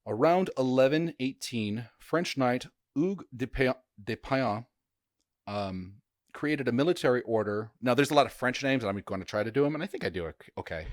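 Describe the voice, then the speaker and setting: A man's voice: mid-range voice, animated, normal speed, no room sound, clean studio sound. A man hosting a casual history podcast, chatty and jokey, with frequent fillers and stumbles over names. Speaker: podcast host.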